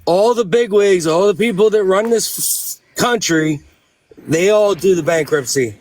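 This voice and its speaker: Late 30s guy calling in, pretty high voice, irritated and defensive, curses. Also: unhurried, darkish tone, rough recording. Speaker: caller. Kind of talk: heated live-stream debate.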